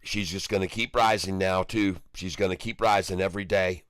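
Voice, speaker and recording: A man's voice: low voice, steady tone, a little fast, fairly bright tone, clear, resonant tone, no room sound. Jovial male livestream host, dry close sound, easy banter reading viewer comments. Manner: jovial, laughs often, upbeat banter with viewers. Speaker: stock market livestream host.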